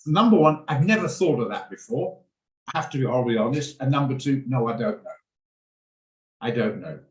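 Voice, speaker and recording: Here the trading room host speaks a little fast in an expressive, mid-range voice, keeping things casual and chatty. Blunt by nature, he drifts off topic, all heard through the echoey sound of a video call.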